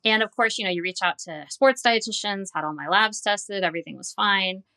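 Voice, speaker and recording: Woman in her 40s, dietitian, bright clear voice, candid and earnest, telling her own story in an interview. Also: mid-range voice, a little fast. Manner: candid and earnest, recounting with quoted dialogue. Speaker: dietitian and guest.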